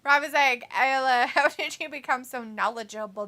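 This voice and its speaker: Chatty woman reading out chat on a livestream, kinda high bright voice, laughs a lot. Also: normal speed. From United States. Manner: chatty, laughs often, reads chat messages aloud. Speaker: co-host reading live chat.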